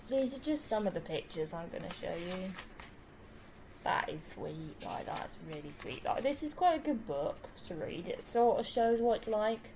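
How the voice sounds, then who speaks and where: A woman chatting casually about books she has read and reading their back-cover blurbs aloud, with lots of "like" fillers and soft asides. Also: medium pitch, slight background noise, poor audio. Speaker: book vlogger.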